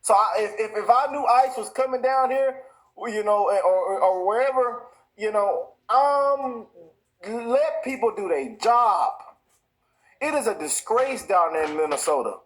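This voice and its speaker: A man hosts his own commentary show. His voice sits a little high for a man. He talks in heated bursts, often repeating words and restarting his sentences. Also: animated, a little slow, rough recording. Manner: heated, repetitive, many restarts. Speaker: show host. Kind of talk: impassioned commentary.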